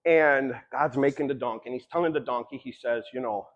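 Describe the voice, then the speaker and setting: A man's voice: medium pitch, a little fast, lo-fi sound. A man giving a long-winded, conversational motivational talk about addiction, swearing casually as he tells stories. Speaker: speaker.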